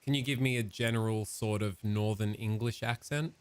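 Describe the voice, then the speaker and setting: A man with a lowish, smooth voice and fairly even intonation chats offhandedly with an AI while reading through a game tutorial. At normal speed, with no echo, he gives dry, teasing, casual gameplay commentary.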